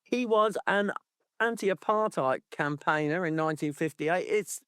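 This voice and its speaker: A man's voice: high voice, measured pace, sharp tone, smooth, no echo, studio quality. A man co-hosting a podcast in casual chat, playful and sardonic, with chuckling asides. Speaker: podcast co-host.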